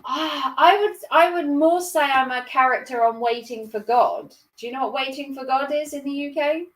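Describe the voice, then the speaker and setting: A woman's voice: high voice, moderate pace, far from the mic. A woman in her thirties with a Norfolk accent, a livestream host chatting casually with viewers in a giggly, self-mocking way. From Norfolk, England. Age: 30s. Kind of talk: casual chat reading viewer comments.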